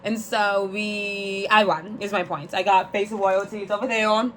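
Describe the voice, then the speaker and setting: A woman's voice: mid-range voice, flat delivery, moderate pace, a little hiss or hum. A young woman vlogger chatting casually in a sassy, rambling, joking way. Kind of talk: casual chat.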